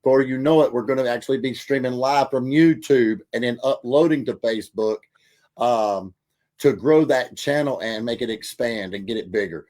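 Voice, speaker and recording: A man's voice: mid-range voice, normal speed, a little mellow. A man hosting a wrestling podcast, talking in a hyped, loose way full of "uh" and "you know", reading out viewer comments. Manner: hyped, filler-heavy, reads out viewer comments. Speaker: podcast host. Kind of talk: casual podcast chat.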